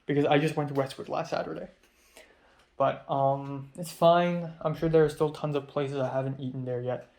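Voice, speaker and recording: A man's voice: fairly high pitch, steady tone, normal speed, creaky, a little mellow. A young man, a student filmmaker, talking in a casual vlog monologue and venting in a rambling, exasperated way, with plenty of fillers and restarts. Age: young adult.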